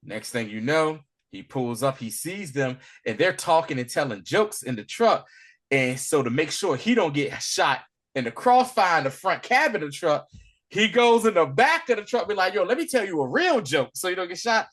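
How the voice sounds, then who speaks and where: A man casually retelling a TV episode in loose, slangy speech, animated and acting out bits as he goes. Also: on the high side, normal speed. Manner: animated storyteller, loose and slangy, acts out lines. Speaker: podcast co-host recapping a TV episode. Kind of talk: casual recap chat.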